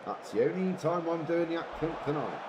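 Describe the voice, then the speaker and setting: A man's voice: on the high side, fairly quick, dull audio. A man in his forties chatting casually with viewers while playing a game on a live stream, rambling and laughing often. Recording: steady background noise.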